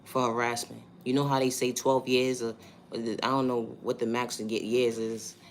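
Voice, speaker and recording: A man's voice: medium pitch, little pitch movement, moderate pace, a little hiss or hum. Emphatic New York man ranting. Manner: emphatic, repetitive, rhetorical questions. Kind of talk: monologue vlog.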